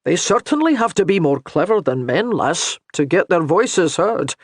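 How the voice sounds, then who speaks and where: A man reading as a kindly old Highland priest who reassures with light humor. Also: very animated, moderate pace, no room sound, clean studio sound. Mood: reassuring.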